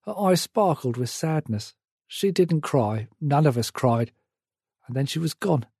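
A man narrating a memoir in a measured, reflective way. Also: fairly high pitch, animated, creaky, a little mellow, breathy edge, no echo, clean studio sound.

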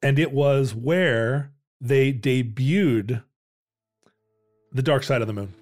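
A man's voice: mid-range voice, slow, a little mellow. A man who is a rock musician, chatting casually and laughing easily, with loose fillers as he recalls things. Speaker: musician and co-host. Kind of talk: casual comedic chat.

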